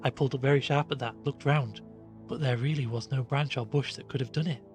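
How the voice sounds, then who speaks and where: A man voicing a shaken young gentleman who recounts his ordeal in a rueful, animated way. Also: medium pitch, a little fast, soft background music, lightly acted.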